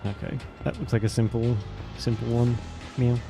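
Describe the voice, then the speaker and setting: A man's voice: mid-range voice, flat delivery, moderate pace, vocal fry, over music. A man streaming a game live, chatting casually, reading lines aloud and meowing as a running joke.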